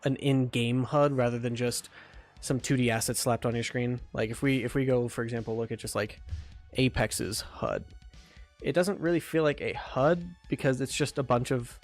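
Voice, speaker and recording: Talking through the development of his game on a livestream between bites, this man rambles, full of ums and restarts. His medium-pitched voice keeps fairly even intonation at a moderate pace, and faint music plays behind him.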